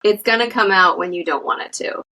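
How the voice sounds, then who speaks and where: A woman therapist talking casually and thoughtfully about grief, with many fillers and pauses. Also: mid-range voice, pushed and bright, rough recording. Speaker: therapist guest. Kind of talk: casual conversation.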